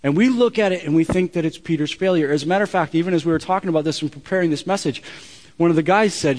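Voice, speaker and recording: A man's voice: a little high, fast, darkish tone, big-room sound. A man preaching a sermon as a pastor, conversational and emphatic, often restarting his words.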